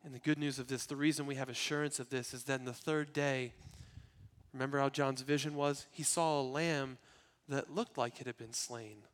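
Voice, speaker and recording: A man preaching a sermon in an earnest way, moving between loud emphasis and hushed, quiet passages. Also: medium pitch, steady tone, moderate pace. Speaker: pastor.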